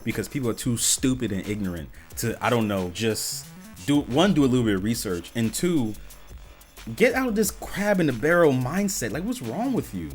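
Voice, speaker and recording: A man's voice: medium pitch, very animated, moderate pace, soft background music. A man giving reaction commentary on clips, exasperated and incredulous, firing off rhetorical questions.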